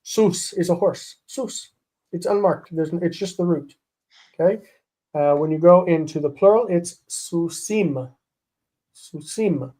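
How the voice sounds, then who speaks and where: A man's voice: on the high side, slow, dark tone. A man teaching a live online Hebrew lesson, patiently repeating terms and rules.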